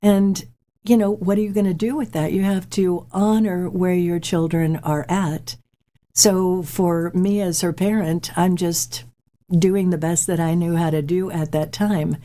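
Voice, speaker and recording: A woman in her forties hosting a show, telling a personal story in a candid, reflective, halting way. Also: on the low side, steady tone, mellow. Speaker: host.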